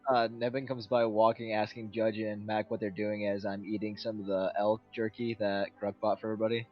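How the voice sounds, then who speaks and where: A man playing a tabletop game, joking and telling stories in an animated way. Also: on the low side, brisk, muffled recording, faint music behind. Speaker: player. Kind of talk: tabletop role-play chat.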